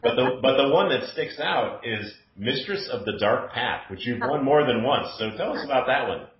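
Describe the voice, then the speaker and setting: A man hosting a podcast who interviews a guest in a relaxed, joking way. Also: medium pitch, normal speed. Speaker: podcast host. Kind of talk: casual interview chat. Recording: dull, roomy recording with faint noise.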